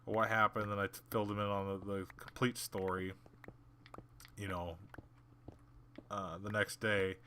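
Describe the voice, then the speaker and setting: Male gaming host, casual storyteller. Low-ish, forceful voice, blunt and sarcastic, acts out the people in his stories. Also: level tone, a little slow, long pauses, slight background noise. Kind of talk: casual storytelling while playing a game.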